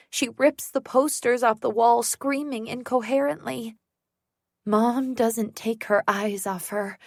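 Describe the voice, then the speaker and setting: Woman audiobook narrator, tense first-person thriller read, slow pace, dry sound. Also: fairly high pitch, steady tone, no room sound.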